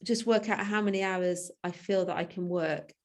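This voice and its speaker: A woman's voice: mid-range voice, steady tone, normal speed, a little mellow. Chatty woman who laughs a lot. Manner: chatty, laughs often, trails off and restarts. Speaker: coaching client. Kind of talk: reflective conversation.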